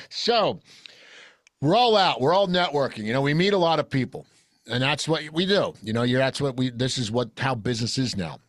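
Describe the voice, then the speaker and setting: A man hosting a casual group talk show, blunt and jokey, telling animated stories. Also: mid-range voice, moderate pace, dry recording. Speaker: podcast host. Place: recording studio.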